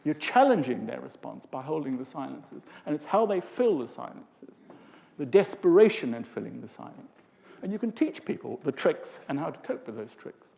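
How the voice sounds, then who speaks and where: An older man gives a lively conference talk, acting out voices and asides as he goes. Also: a little high, normal speed, vocal fry. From England. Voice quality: expressive, lively delivery with vocal demonstrations and asides. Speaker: conference speaker. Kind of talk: lecture to a live audience. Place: large conference hall. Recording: reverberant hall.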